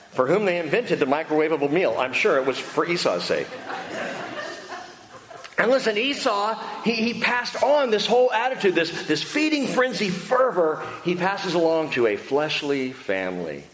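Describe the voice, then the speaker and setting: A male pastor delivers a lively sermon, his pitch leaping up and down as he jokes and drives his points home. His voice sits a little above the usual for a man. The sound rings around a large echoey hall with a long tail and a faint hiss behind. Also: normal speed. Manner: animated, humorous, emphatic.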